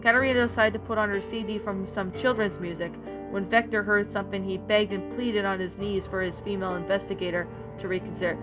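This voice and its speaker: A woman narrating a story in a plain, steady reading voice with small slips. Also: mid-range voice, fast. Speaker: story reader. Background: background music.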